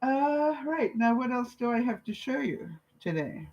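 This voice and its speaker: With a high-leaning voice, lively intonation, and a darkish tone, the older Canadian vlogger speaks at a measured pace. The sound is lo-fi but echo-free as she chats casually with viewers, recounting conversations and laughing often.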